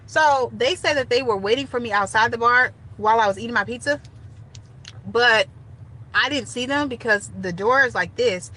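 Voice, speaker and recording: A young woman casually telling a story straight to her viewers, animated and chatty. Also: a little high, normal speed, rough recording. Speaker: storytime vlogger.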